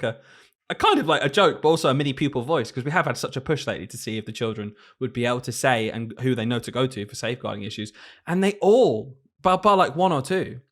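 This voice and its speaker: A young man co-hosting a casual podcast chat, telling stories in an animated way. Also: mid-range voice. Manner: fast, animated storytelling. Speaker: teacher and podcast co-host.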